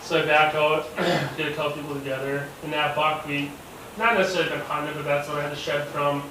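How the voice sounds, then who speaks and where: A man telling a hunting story in casual chat, animated, acting out quotes and swearing freely. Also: on the high side, brisk. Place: hunting camp gathering. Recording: echoey, distant, noisy camp recording.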